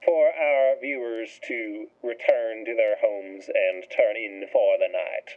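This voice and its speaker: A man's voice: on the low side, steady tone, takes it slowly. Man, stream sign-off, friendly, phone-like sound. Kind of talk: casual sign-off.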